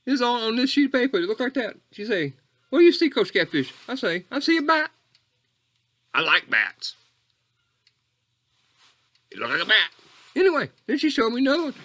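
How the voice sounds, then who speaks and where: A man voicing a folksy Louisiana bayou oddball, who drawls through a digressive tale. His pitch swoops wildly between low mumbles and sudden high squeaks, and his tone stays bright and edgy. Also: big pitch swings, moderate pace, long pauses, full character voice. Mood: rambling. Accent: Southern US (Louisiana bayou). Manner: meandering, digressive, mock-earnest storytelling. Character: rambling bayou man calling himself Coach Catfish. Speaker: comedy character host. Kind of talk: character monologue.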